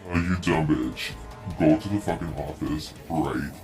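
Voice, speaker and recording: A man's voice: very deep voice, measured pace, music in the background, pitched below the performer's own voice. A young man voicing his angry elderly grandpa scolding him over the phone, harsh and cursing.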